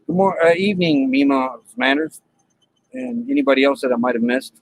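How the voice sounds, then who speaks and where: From his RV, a man live streams a casual story to his chat in plain, colloquial words, animatedly acting out the dialogue. His mid-range voice is brisk and gravelly. The recording is rough, with a little hiss or hum.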